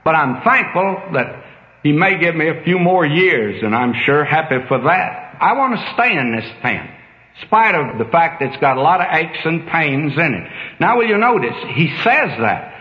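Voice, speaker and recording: A man's voice: fairly high pitch, very animated, moderate pace. Older man preaching in an echoey hall. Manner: folksy, emphatic storytelling preacher. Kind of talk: sermon. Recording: dull echoey hall recording.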